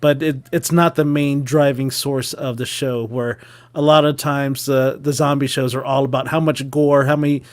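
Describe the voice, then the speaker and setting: A man's voice: medium pitch, moderate pace. A middle-aged man co-hosting a live web show, laughing often and chatting casually. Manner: laughs a lot, lively and chatty. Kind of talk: casual live-stream chat.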